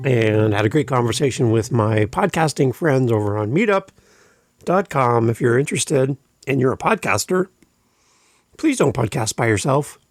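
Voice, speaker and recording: A man's voice: mid-range voice, darkish tone, dry recording, clean studio sound. A man hosting his own podcast, talking casually and earnestly, encouraging listeners and often repeating himself. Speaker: podcast host. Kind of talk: casual solo podcast talk.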